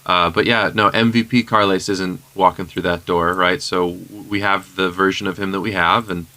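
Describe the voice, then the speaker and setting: A man's voice: sits low, steady tone, moderate pace, pushed and bright. A man co-hosting a casual sports podcast, jokey with emphatic asides. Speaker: podcast co-host. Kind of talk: casual chat.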